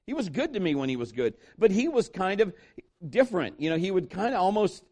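A middle-aged male pastor with a high, slightly mellow voice preaches a sermon full of energy. He tells stories and acts out the characters, shifting quickly between plain teaching and quoted voices, with big swings in pitch.

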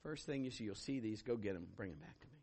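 A middle-aged man preaching a sermon as pastor, telling stories and acting out voices with sudden loud bursts. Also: lowish voice, expressive, fast.

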